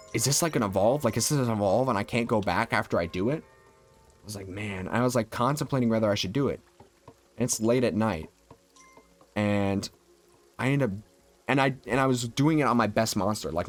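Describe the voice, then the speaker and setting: A man's voice: fairly low pitch, brisk, soft background music. Young man streaming, rambling story. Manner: rambling, lots of "like" fillers. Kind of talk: casual storytelling while gaming.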